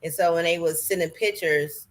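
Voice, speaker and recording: A woman's voice: lowish voice, normal speed. A woman guest on a casual podcast, talking earnestly and rambling with many fillers.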